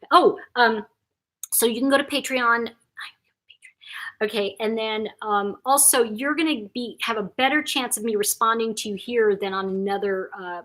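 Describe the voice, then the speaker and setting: A woman's voice: mid-range voice, bright, forceful tone. A woman hosting a casual live-stream chat, talking effusively to her viewers and reading out their comments, with frequent restarts and fillers. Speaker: host of a live chat channel.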